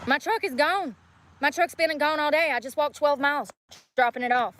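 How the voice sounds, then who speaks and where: In an angry livestream rant, a homeless woman curses and argues from the street outside, exhausted and hurting after walking. Her high, fairly bright voice moves a little fast, and there is slight background noise.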